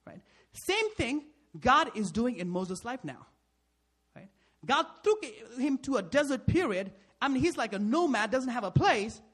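Brief: husky, high-voiced male pastor, sermon, animated and questioning. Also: a little slow. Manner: rhetorical questions, frequent "right?", emphatic swings in loudness.

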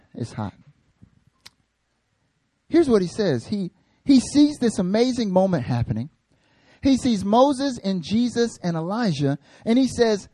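A male pastor with a slightly high voice jokes with his congregation while telling funny stories in his sermon. He comes across animated and jokey, and the studio-quality recording has no echo.

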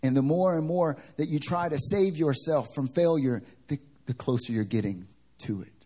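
A man's voice: on the high side, moderate pace, mellow. A man preaching a sermon at a church service. He tells stories in a conversational way that builds to fervent preaching.

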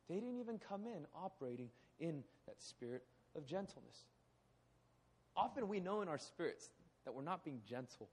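A man in his thirties preaching a sermon in a hall, animated, often acting out quoted voices. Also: on the high side, normal speed, breathy edge. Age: 30s. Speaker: pastor. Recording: echoey hall.

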